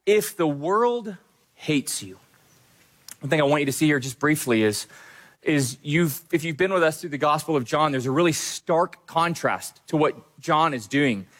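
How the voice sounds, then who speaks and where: Energetic higher-voiced male pastor. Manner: energetic, conversational preaching with quick asides. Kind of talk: sermon.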